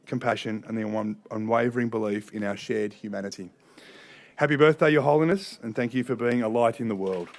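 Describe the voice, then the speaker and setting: A middle-aged Australian politician giving a ceremonial speech, chatty and joking, with loose restarts. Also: male voice, medium pitch.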